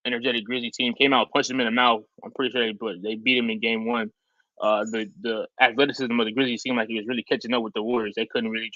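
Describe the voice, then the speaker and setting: A man co-hosting a casual basketball podcast, talking excitedly and rambling with lots of fillers. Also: medium pitch, no room sound. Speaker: podcast co-host. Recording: dull lo-fi sound.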